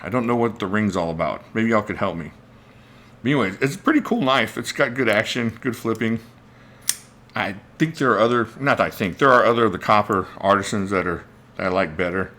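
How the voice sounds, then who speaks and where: Low-voiced man rambling through a livestream. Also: a little fast, fairly bright tone. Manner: rambling, chatty, thinks aloud; reads out viewer names mid-talk. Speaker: knife channel host. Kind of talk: casual livestream chat.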